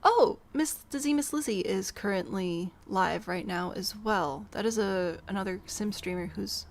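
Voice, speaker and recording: A woman's voice: mid-range voice, measured pace, creaky. A woman live-streaming a building game, chatty and self-amused as she talks to her chat while she builds. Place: home room.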